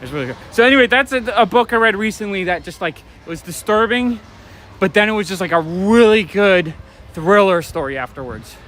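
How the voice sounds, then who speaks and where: A man with a fairly high voice chats casually on a live stream as he walks along a city street at night. His talk is loose and eager, full of fillers and false starts. Faint traffic sounds drift underneath. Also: lively intonation, brisk, a bit bright. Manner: chatty, enthusiastic, many fillers and restarts. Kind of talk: casual rambling chat. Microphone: handheld phone or camera while walking.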